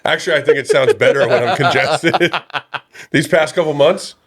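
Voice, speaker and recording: A young man co-hosting a casual podcast, self-mocking and quick to laugh. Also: a little high. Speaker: podcast co-host. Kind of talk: casual chat.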